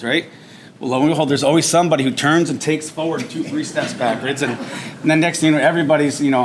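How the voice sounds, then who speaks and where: A man of ordinary mid-range pitch tells a personal story at a veterans' breakfast, his delivery loose and conversational. He speeds up and slows down as the story moves. Faint room ambience sits behind him. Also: slight background noise. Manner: animated storyteller, acts out shouted drill instructor lines. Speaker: veteran speaker. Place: banquet hall at a veterans breakfast.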